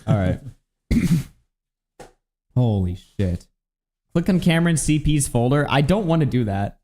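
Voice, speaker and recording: A man's voice: medium pitch, lively intonation, unhurried, warm tone. A man co-hosting a livestream, chatting casually and swearing while reacting to videos and reading out donations. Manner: laid-back, swearing, reads out donations. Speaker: livestream co-host. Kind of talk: casual profane stream chat.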